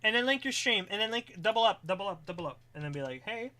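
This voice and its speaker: A streamer chatting casually on a live stream, excitable and rambling, drifting into quiet mumbling while setting things up. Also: medium pitch, fast.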